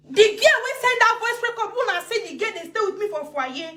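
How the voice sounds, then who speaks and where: A Nigerian woman with a very high, lively voice delivers a heated live-video rant, circling back to the same points over and over. The room around her is echoey. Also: brisk. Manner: emotional, repetitive, animated.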